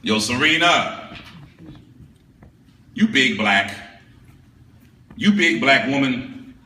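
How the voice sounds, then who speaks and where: A man's voice: mid-range voice, animated, very slow, bright, forceful tone. A man performing spoken word poetry live at a venue, with a rhythmic, dramatic delivery. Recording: echoey room, voice far off.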